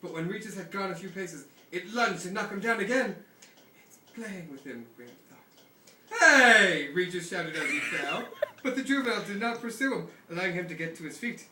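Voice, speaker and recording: A man's voice: high-pitched, fast, few pauses, pushed and bright, slight background noise. A man casually reading a novel aloud to friends in a cabin, often amused. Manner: amused, breaking into laughs. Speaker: reader. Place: lakeside cabin, indoors. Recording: echoey room, distant mic.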